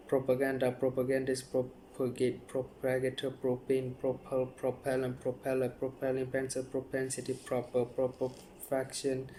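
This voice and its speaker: Flat monotone man reading words. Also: medium pitch, slight background noise, rough recording. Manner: flat, monotone listing with stumbles. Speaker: YouTuber. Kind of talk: reading word list aloud.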